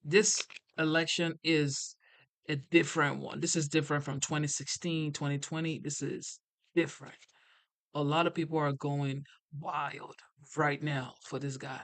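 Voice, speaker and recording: A young man streams a casual reaction with a slightly high voice. He sounds incredulous and keeps asking his viewers to answer in the chat. He talks loosely and conversationally throughout. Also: level tone, a little slow, a bit bright. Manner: incredulous, asks the chat questions.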